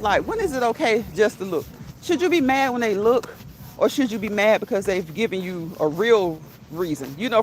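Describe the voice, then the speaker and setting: A woman vlogging while out on a walk, telling a story in a casual, animated way, laughing often and reading viewer comments aloud. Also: on the high side, a little hiss or hum, rough recording. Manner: reads live chat comments aloud. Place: outdoors on a walk.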